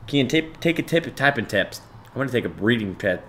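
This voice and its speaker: A man's voice: mid-range voice, animated, fairly quick, a bit bright, a little hiss or hum. A young man in his twenties chatting casually and profanely with his stream viewers, bantering loosely and reading chat aloud.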